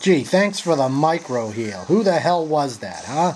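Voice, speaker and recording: A man's voice: fairly high pitch, very animated, measured pace, a little mellow, a little hiss or hum. Frustrated man swearing through gameplay. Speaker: gameplay commentator. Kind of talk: profane live gameplay commentary.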